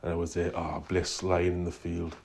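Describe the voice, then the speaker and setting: A man's voice: low voice, little pitch movement, moderate pace, vocal fry, darkish tone, husky. A man calling in to tell a long, rambling story, swearing in nearly every sentence. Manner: profane, swears constantly; loose, meandering storytelling. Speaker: caller.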